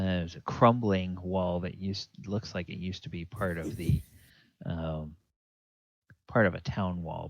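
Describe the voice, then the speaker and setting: A man running a tabletop game as game master, narrating haltingly with many pauses and fillers. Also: sits low, dry recording. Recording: dull lo-fi dry sound.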